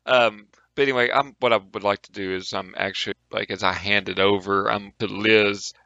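A man's voice: lowish voice, fairly even intonation, a little fast, vocal fry, bright, forceful tone, no room sound, muffled recording. A man with a Southern accent playing a tabletop game, chatty and joking as he questions characters. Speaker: player. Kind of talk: casual tabletop game play.

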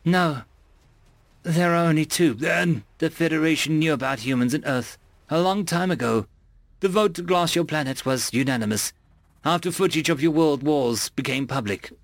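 A man's voice: fairly high pitch, normal speed, no echo, lightly acted. A man voicing a timid female alien envoy from a prey species, who speaks in an apologetic, stammering way in an audiobook. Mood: nervous. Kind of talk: audiobook character voice.

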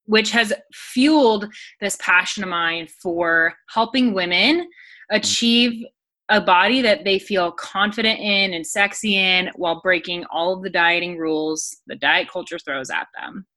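Bright, enthusiastic young woman guest. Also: mid-range voice, measured pace. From United States. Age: 20s. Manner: enthusiastic and friendly. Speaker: guest, dieting coach. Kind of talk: casual podcast interview.

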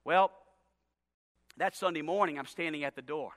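A male pastor telling a story in a sermon, animated and repetitive, swinging from hushed to loud. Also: fairly high pitch, fast talker. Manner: animated, repeats words, swings from hushed to shouting. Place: church sanctuary. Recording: long hall reverb in a church.

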